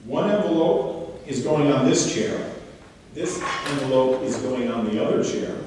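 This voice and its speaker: A man giving a live workshop demonstration to an audience and coaching a volunteer on stage in an animated, questioning way. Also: mid-range voice, slight background noise. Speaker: seminar speaker. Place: large hall before an audience. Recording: echoey hall, mic far off.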